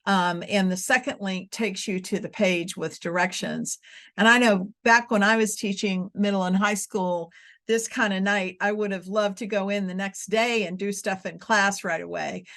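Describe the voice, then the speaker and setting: A woman's voice: mid-range voice, steady tone, moderate pace, fairly bright tone. A woman in the middle of her vocal range wraps up a teacher webinar over a video call. She encourages her listeners and drops in filler words as she goes. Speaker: webinar faculty leader. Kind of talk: warm wrap-up of a teacher webinar.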